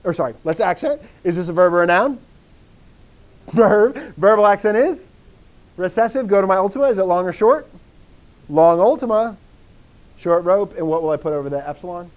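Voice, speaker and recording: A man with a slightly higher voice teaches a language lesson. He walks through the grammar step by step, firing questions at his students and answering with quick encouragement. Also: lively intonation, highs cut off. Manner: quizzing, encouraging. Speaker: Greek teacher. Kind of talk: live online lesson.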